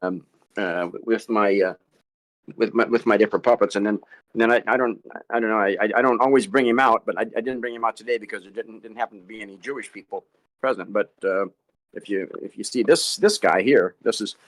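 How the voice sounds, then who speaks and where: A man being interviewed as a ventriloquist, talking in a halting way with many repeated words and restarts. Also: fairly low pitch. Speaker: ventriloquist guest. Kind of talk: casual interview chat.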